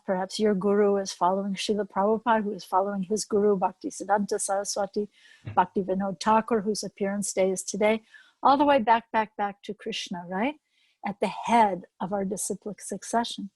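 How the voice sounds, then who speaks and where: An older woman gives an earnest devotional talk, telling stories and reading scripture verses slowly. Her voice sits at an ordinary middle pitch. The recording is dry and close, with no room sound. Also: darkish tone, dry recording, rough recording. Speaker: spiritual teacher.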